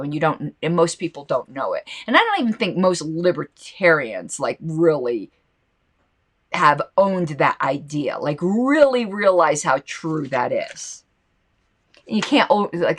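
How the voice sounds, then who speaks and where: A woman's voice: on the low side, fairly bright tone. Impassioned woman podcaster with a lisp. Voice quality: slight lisp. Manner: impassioned, indignant, rambling with fillers. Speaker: podcast host. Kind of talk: solo podcast commentary, reading aloud.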